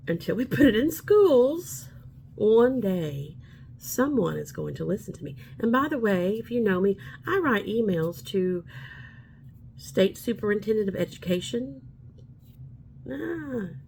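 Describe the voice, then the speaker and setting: A woman's voice: mid-range voice, slight background noise. Rambling, upbeat woman in her forties. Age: 40s. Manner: chatty, rambling, upbeat and preachy. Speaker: vlogger. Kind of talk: casual talking-to-camera vlog.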